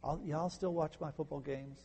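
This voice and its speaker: Guy pastor giving a sermon, mellow gravelly voice, big echoey church hall. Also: fairly even intonation, a little fast. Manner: preacherly, rising to emphatic peaks then dropping low. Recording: long reverb in a large hall.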